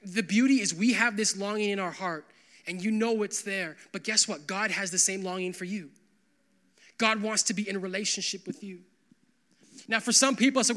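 A young pastor preaches in a bright voice that sits high for a man. His sermon is loose, animated and conversational, packed with "like" fillers and quick asides to the church.

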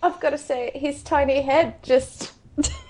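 Speaking from her home in Scotland, an Australian woman co-hosts a podcast, her high voice moving at a measured pace. The chat is casual and bawdy, and she giggles often while telling stories with animated flair.

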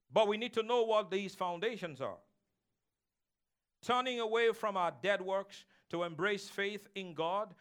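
A male pastor delivers a sermon with a fairly high-pitched voice. He hammers his points home through repetition and has the congregation repeat his lines back. He speaks from a church sanctuary. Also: fairly bright tone, clean tone. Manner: emphatic, repetitive preaching that calls for congregation responses.

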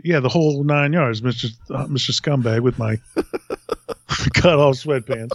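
A male podcast host telling an animated story, laughing often and swearing freely. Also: mid-range voice, measured pace, no echo, clean studio sound.

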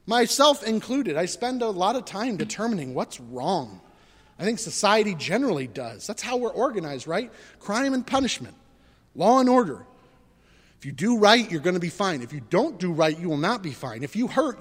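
A man preaching a conversational sermon, animated and full of rhetorical questions. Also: high-pitched, husky, big-room sound. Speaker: pastor.

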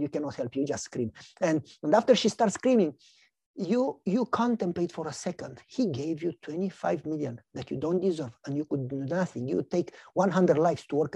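Animated woman preaching a parable. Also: slightly rough, dry recording, clean studio sound. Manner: animated storytelling, voices characters with big pitch swings. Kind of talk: sermon with acted-out parable.

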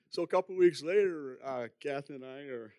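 A man's voice: fairly high pitch, a little slow, a little mellow, no echo, clean studio sound. A man in his sixties giving a personal testimony in church, rambling and chuckling as he tells his story. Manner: rambling, chuckling, self-deprecating.

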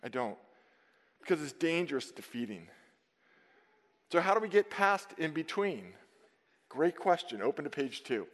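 A man preaching a sermon to his congregation, emphatic and dynamic, swinging from loud stresses down to hushed asides. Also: on the high side, big pitch swings, normal speed, long pauses. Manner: emphatic, dynamic preaching with sudden drops to near-whisper. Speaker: pastor. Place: church sanctuary. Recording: long reverb of a church sanctuary.

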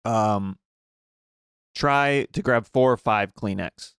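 A man's voice: on the low side, takes it slowly, a bit bright, clear, resonant tone, dry recording, clean studio sound. A man in crude casual chat, teasing and quizzing with mock-incredulous questions.

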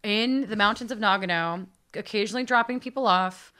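Woman, bright voice, animated storyteller, casual chat, self-deprecating. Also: mid-range voice, a little fast. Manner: animated, self-mocking, lots of fillers. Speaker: podcast guest telling a travel story.

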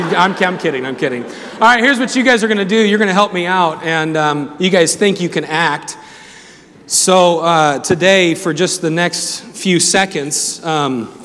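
A man's voice: on the high side, fairly bright tone. A man speaking to a student chapel crowd, playful and jokey, calling out to the room on a handheld mic. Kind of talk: lively sermon intro with audience game. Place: large hall with student audience. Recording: reverberant hall, crowd and noise.

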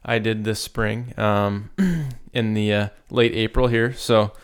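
A man co-hosting a casual podcast, talking in a rambling, halting way with many fillers. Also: on the low side, clean tone. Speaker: podcast co-host. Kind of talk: casual chat.

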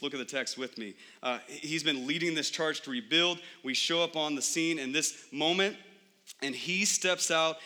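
A man's voice: fairly high pitch, bright, forceful tone. A young adult man preaching a sermon in church, conversational, with frequent rhetorical questions to the congregation. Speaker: pastor.

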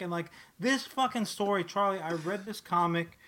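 Podcast co-host, male, bright edgy tone, profane exasperated rants. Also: high voice, moderate pace, slight background noise. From New Jersey. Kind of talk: casual podcast chat.

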